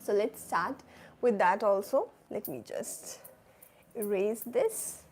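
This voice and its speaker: A woman's voice: medium pitch, lively intonation, slow pace, darkish tone, a little hiss or hum. A woman teaching a live beginner French class, patiently repeating phrases for learners to echo and checking in with "right?" and "oui?". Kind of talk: live online language class.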